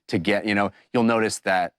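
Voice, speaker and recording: A man's voice: on the low side, fairly quick, clear, resonant tone, no room sound. A man hosting and running a tabletop game, talking casually with laughs and many fillers. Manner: animated, laughing, full of fillers. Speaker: game master and host. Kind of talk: tabletop game show wrap-up.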